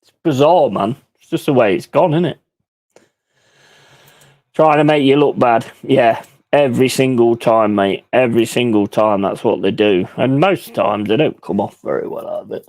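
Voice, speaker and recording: A man's voice: medium pitch, moderate pace, a little mellow, dry recording. Blunt, ranting man, dry sound. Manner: blunt, ranting, swears freely; mimics other people in quoted voices. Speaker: livestream host. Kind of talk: casual live-stream chat.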